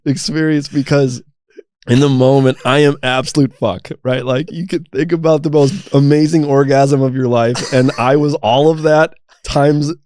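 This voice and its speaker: A man's voice: medium pitch, normal speed, no room sound, studio quality. Profane, laughing man telling a wild story. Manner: animated, laughing often, profane. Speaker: podcast guest, coaching program founder. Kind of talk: casual storytelling interview.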